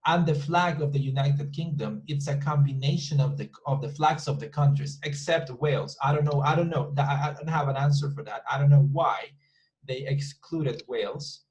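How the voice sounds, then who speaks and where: A man whose first language is Spanish explains things in an online English class, repeating words to model pronunciation and restarting often. His mid-range voice moves at a normal speed with a slightly mellow tone, and the sound is lo-fi.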